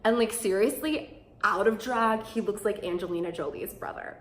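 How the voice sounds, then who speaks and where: A young adult woman vlogging in casual chat to camera, candid and animated, swearing freely and laughing often. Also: mid-range voice, normal speed, slight background noise. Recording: roomy echo.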